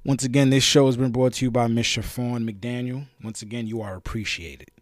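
A man from Brooklyn with a New York accent hosting a podcast, ranting with passion and challenging listeners, his voice swinging between loud and low. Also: steady tone, brisk, no echo. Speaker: podcast host. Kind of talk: impassioned solo podcast rant.

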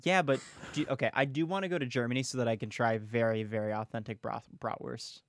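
A man's voice: mid-range voice, steady tone, quick pace, dry recording. A young man co-hosting a podcast, chatting casually and animatedly, swearing a lot and calling people bro and dude. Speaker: podcast co-host. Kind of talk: casual chat.

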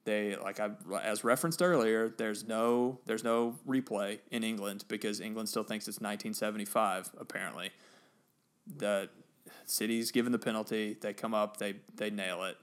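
Man, casual podcast chat, animated storyteller, excitable bursts. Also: fairly low pitch, moderate pace.

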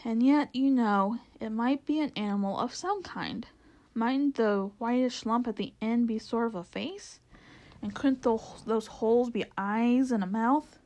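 A gentle, wise she-elephant from a storybook, mild and unhurried, with a slightly high, soft voice, as a woman reads her part. She speaks thoughtfully and with quiet pride. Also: close to an everyday voice.

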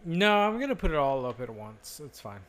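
A man's voice: on the high side, very animated, brisk, a bit bright. A young man hosting a podcast in casual chat, rambling and swearing loosely. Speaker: podcast host.

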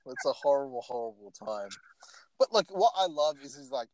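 A man's voice: medium pitch, moderate pace, no room sound. A young man co-hosting a car podcast, joking and mocking in casual chat. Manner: jokey, animated, mocking asides. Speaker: podcast co-host.

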